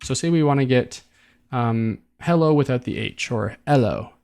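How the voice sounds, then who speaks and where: A man at a medium pitch gives a casual coding tutorial. He talks it through as he goes, loose and chatty, often doubling back on a phrase or pausing on an "uh" while he works out the next step. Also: smooth. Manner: relaxed and chatty, restarts phrases, thinks aloud with ums.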